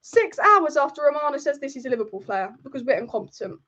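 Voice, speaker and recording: A woman's voice: sits high, sing-song, fast talker, a bit bright, dull audio. A woman hosting a football live stream, furious and exasperated, repeating herself as she rants. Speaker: football channel host.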